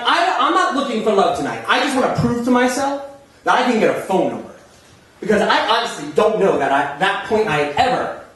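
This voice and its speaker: A man from New Jersey telling a self-mocking comic story live on a small theater stage, chatty and laughing as he goes. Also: high-pitched. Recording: echoey room, voice from far off.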